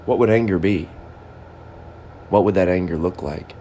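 A man's voice: low voice, normal speed, warm tone, slight background noise. A man and amateur comedian delivering a rambling, improvised monologue, musing aloud in stop-start bursts and scolding things around him.

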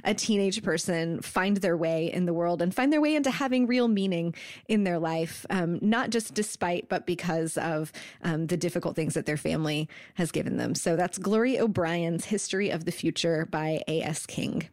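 Lowish-voiced woman, dry close sound. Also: moderate pace, no echo. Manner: steady, explanatory summarizing with ums. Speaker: podcast co-host. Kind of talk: casual book chat.

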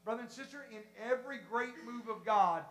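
A Pentecostal preacher giving an impassioned sermon, repeating phrases, rising to shouts, and acting out voices from the congregation. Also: medium pitch, fairly quick, roomy sound. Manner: repetitive, acts out congregation voices. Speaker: pastor.

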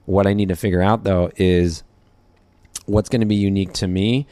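A man's voice: low voice, steady tone, moderate pace, mellow, dry recording. A man guesting on a podcast, talking in a loose, rambling way with lots of fillers. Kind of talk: casual interview chat.

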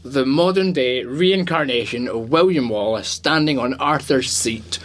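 A man co-hosting a podcast in casual chat, enthusiastic and jokey, rambling quickly. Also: mid-range voice. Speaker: podcast co-host.

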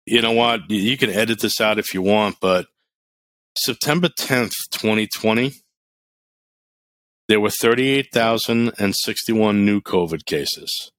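A man's voice: fairly low pitch, no room sound. A middle-aged man chatting on a podcast, telling blunt, profane stories with lots of energy. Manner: animated storyteller, blunt and profane. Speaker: podcast co-host. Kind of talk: casual podcast chat.

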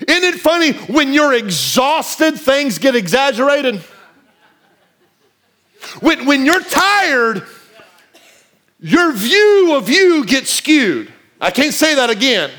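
A man preaches a sermon in a church. His voice sits high and moves in big, lively jumps. He repeats phrases, pushes hard on some lines and drops low on others. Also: measured pace. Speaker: pastor.

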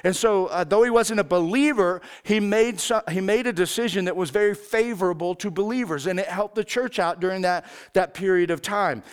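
Casual preaching man, high clear voice. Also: a little fast, few pauses. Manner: casual, conversational preaching with frequent fillers. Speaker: pastor. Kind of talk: sermon.

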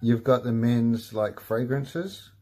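A man's voice: mid-range voice, slow pace, warm tone. A man hosting a casual comedy podcast, laid-back and swearing a lot, laughing at himself. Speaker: podcast host.

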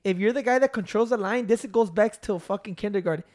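A man's voice: high-pitched, fast talker, a little mellow. A man ranting and telling stories in casual chat, swearing a lot and acting out what people said. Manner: profane, ranting, storytelling with acted-out quotes.

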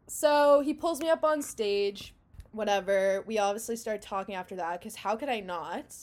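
A young woman co-hosting a podcast tells a story in a casual, animated way, laughing often. Her voice is mid-range and her speed normal.

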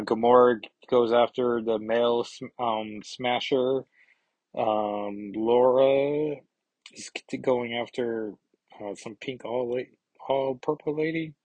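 Male comics podcast host, husky, halting casual delivery, dry close mic. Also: mid-range voice, dry recording, poor audio. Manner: hesitant, many fillers and restarts.

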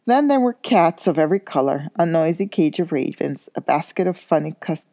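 A woman reading a children's novel aloud, steady but with small slips and corrections. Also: sits low, moderate pace, no room sound, clean studio sound. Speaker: school coach reading aloud.

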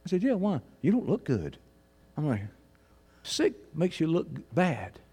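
A male pastor preaching a sermon, swinging between fervent shouts and low, hushed emphasis. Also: wildly swooping pitch, measured pace, breathy edge. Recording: long reverb of a large hall.

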